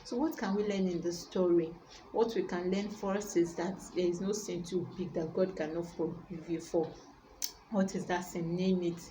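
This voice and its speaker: A woman's voice: fairly low pitch, steady tone, normal speed, mellow, slight background noise, poor audio. A woman preacher giving a sermon, retelling a Bible story and urging her listeners with emphatic repetition.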